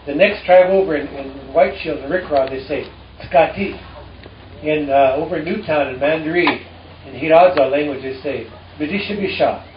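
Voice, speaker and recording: A man's voice: fairly high pitch, slight background noise. A distant, echoey man teaching a crowd. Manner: halting, with many fillers and dry humor. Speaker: musician and storyteller addressing an audience. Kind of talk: casual teaching talk to a live audience. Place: live performance before an audience. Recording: distant, roomy and dull with faint ambience.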